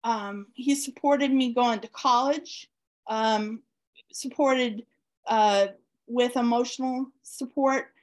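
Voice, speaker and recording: A woman with a high voice tells a personal story at an unhurried pace. She talks warmly and eagerly, with plenty of ums and uhs, as an author being interviewed. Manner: warm, excited storyteller with frequent fillers. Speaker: author guest.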